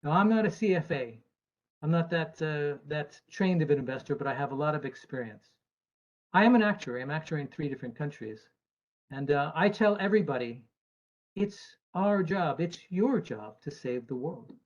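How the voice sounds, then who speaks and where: An American man gives a presentation to an audience of investors. His voice sits a little high, and he speaks earnestly and with emphasis, dropping in dry asides. The recording is slightly dull. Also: lively intonation, moderate pace. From United States. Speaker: actuary giving a presentation.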